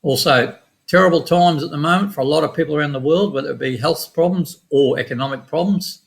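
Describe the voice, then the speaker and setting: A middle-aged man with an Australian accent walking through his forex trades in a quick, casual, matter-of-fact way with some slang. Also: fairly high pitch, gravelly. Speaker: forex trading educator. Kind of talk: screen-share chart walkthrough.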